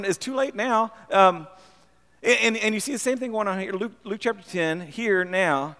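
Pastor guy, pretty high voice, chatty sermon, keeps repeating himself for emphasis, big echoey church hall. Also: moderate pace. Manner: animated, repeats phrases when emphasizing. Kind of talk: conversational sermon.

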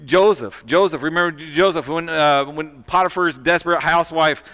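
Preaching in a large hall, this pastor speaks at a normal speed with a fairly high, slightly bright voice. His sermon feels like a conversation, full of questions to the audience and repeated words.

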